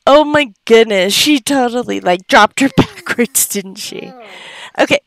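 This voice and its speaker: A woman's voice: a little high, expressive, unhurried. A woman giving casual gameplay commentary, chatty, often gasping and cooing at the game characters. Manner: gasps often. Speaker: let's play host.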